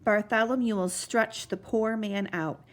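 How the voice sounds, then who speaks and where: A woman's voice: medium pitch, takes it slowly. A woman expressively reading a children's storybook aloud. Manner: expressive, animated narration.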